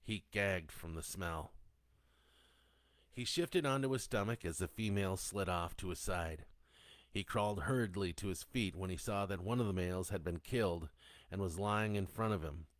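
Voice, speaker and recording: A man narrating a zombie horror story, reading in a steady, descriptive storytelling manner. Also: low voice, moderate pace, no echo. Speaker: audiobook narrator.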